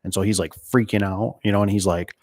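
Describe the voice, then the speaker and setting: A middle-aged man from Michigan with a deep, low voice talks casually to his viewers about door and gate work. He rambles from one story to the next. The sound is dry and close, with no room echo. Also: little pitch movement, a little fast, a little mellow. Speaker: door and gate installer hosting a live stream. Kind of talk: casual chat reading viewer comments.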